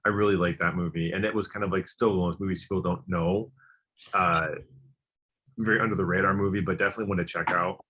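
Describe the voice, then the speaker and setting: A man's voice: deep voice, fairly even intonation, fast talker, sharp tone, slightly rough. A man co-hosting a podcast, chatting casually and enthusiastically, rambling with lots of fillers. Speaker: podcast co-host. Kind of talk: casual chat.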